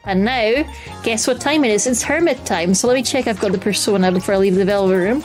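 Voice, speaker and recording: A woman's voice: medium pitch, quick pace. A woman streaming a video game live, chatting playfully, humming along and reading the on-screen text aloud into her desk microphone. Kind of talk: live gameplay commentary. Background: faint game music.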